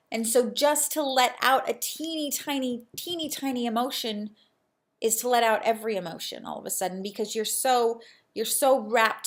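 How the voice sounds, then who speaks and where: A young adult woman talking earnestly to camera in a casual personal vlog, reflective and prone to restarting her sentences. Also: a little high. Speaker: real estate agent and vlogger.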